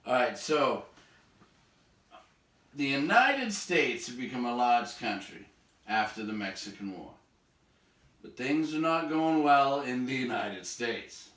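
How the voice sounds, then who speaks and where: A man's voice: mid-range voice, animated, slow, pauses often, fairly bright tone, distant mic. A man with a Boston accent, a teacher, reading a textbook chapter aloud and dropping in wry, sardonic asides. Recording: echoey room, voice off-mic.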